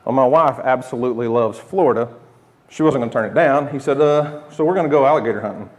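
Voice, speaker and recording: A man's voice: medium pitch, quick pace, a little mellow. A man in his thirties with an Oklahoma accent, telling a casual, rambling story to the camera with restarts and chuckles. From United States. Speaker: homesteading channel host.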